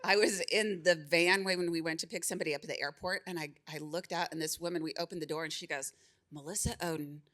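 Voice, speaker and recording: Low, bright-toned woman; lively panelist telling stories at a live conference. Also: fast talker. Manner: lively, laughing storyteller. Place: conference stage.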